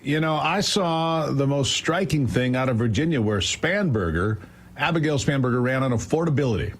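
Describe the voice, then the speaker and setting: A man's voice: medium pitch, expressive, normal speed. A man giving emphatic political commentary as a guest on a morning news show, firing off incredulous rhetorical questions.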